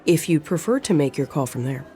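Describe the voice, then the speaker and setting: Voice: medium pitch, animated, brisk, warm tone, faint music behind, close to an everyday voice. A narrator doing a flustered, polite hotel server. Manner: polite, apologetic.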